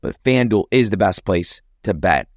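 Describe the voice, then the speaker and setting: A man with a hoarse, scratchy voice from a sore throat, hosting a sports podcast. His voice sits on the low side and sounds dry and close to the mic. He rambles loosely, with plenty of ums and uhs. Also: expressive, moderate pace, no room sound. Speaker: podcast host. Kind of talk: casual sports podcast chat.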